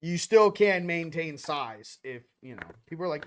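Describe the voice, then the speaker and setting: A man's voice: on the high side, animated, moderate pace, a little hiss or hum. A man hosting a casual spiritual chat show, rambling between topics in a slangy, offhand way. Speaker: host.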